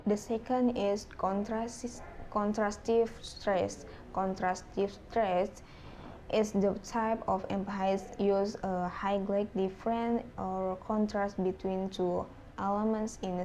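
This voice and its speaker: Slow, halting woman. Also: medium pitch, dark tone, a little hiss or hum. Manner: halting, with fillers and self-corrections. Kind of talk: classroom presentation on phonology.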